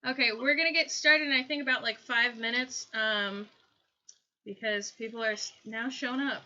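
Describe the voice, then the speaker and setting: A woman hosting a casual comedic chat over a video call, telling rambling, animated stories. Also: fairly high pitch, normal speed. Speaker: host. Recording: dull lo-fi call audio.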